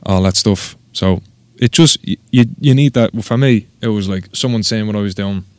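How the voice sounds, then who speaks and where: A man's voice: fairly low pitch, normal speed, a little mellow, no room sound. A man with an Irish accent, a tattoo artist guest talking casually on a podcast, rambling and swearing with self-mocking humor.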